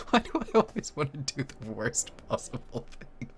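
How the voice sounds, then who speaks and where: A man's voice: medium pitch, big pitch swings, normal speed, a little hiss or hum. A man reading game text aloud, breaking off for sardonic, swearing jokes. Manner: sardonic, swearing, joking asides. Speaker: let's play host.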